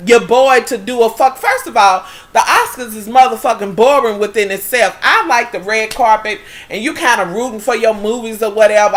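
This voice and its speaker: A woman's voice: mid-range voice, a bit bright. Chatty woman vlogger, y'all-heavy. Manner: chatty, addresses viewers as y'all, trails off and restarts. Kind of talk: casual chat to camera.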